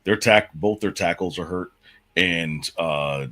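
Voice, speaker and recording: A man co-hosting a sports podcast, casually running through game picks in a relaxed way. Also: deep voice, slow pace.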